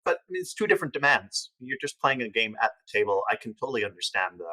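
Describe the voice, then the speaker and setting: A man's voice: mid-range voice, expressive, fast, sharp tone, low-quality recording. A man who is a guest on a podcast, talking candidly and at length in casual chat.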